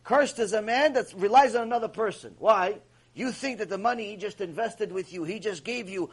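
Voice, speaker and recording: A man with a fairly high, husky voice delivers a Torah lecture. He speaks emphatically, repeating his points and asking one rhetorical question after another. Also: lively intonation, a little fast. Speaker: Torah teacher. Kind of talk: mussar lecture.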